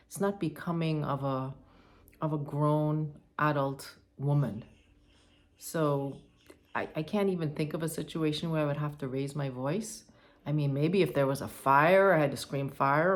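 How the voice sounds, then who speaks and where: A woman giving advice to the camera in a monologue, emphatic and firm, repeating her points. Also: deep voice. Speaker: advice vlogger.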